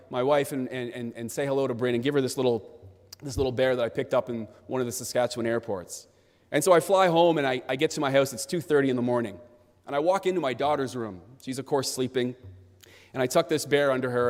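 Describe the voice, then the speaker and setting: A man giving an animated storytelling speech to graduates, acting out a child's voice in the telling. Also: mid-range voice. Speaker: convocation speaker. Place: large convocation hall. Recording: long hall reverb.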